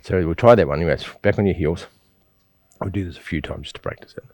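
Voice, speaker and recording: Very deep-voiced male qigong teacher. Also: quick pace, a little mellow, no room sound, clean studio sound. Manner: patient, repetitive coaching with frequent "yeah?" check-ins. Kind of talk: guided exercise instruction.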